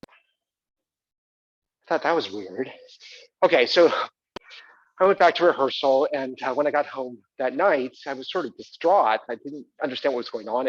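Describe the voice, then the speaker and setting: A man's voice: mid-range voice, dry recording, lo-fi sound. Hesitant man telling a stage monologue. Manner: hesitant, lots of fillers. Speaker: solo stage performer.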